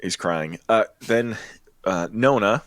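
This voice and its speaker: A low-voiced man casually recaps a movie on a podcast, rambling along with plenty of ums and quick laughs. His voice is deep and sits dry and close to the mic, with no room around it. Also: a bit bright, dry recording. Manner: laughs often, rambling with many fillers. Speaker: podcast co-host. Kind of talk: casual chat retelling a film plot.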